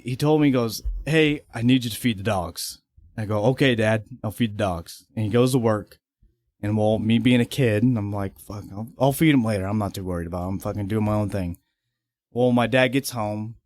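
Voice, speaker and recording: A man's voice: lowish voice, no room sound. A young man, a podcast guest, telling casual stories, swearing freely and laughing as he talks. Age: young adult. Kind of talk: casual storytelling.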